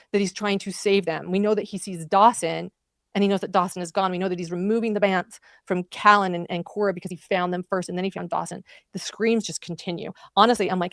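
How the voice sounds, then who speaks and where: A woman's voice: medium pitch, no room sound, clean studio sound. A woman commentating on a trial, recounting events in vivid, emotional detail. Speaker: true crime commentator.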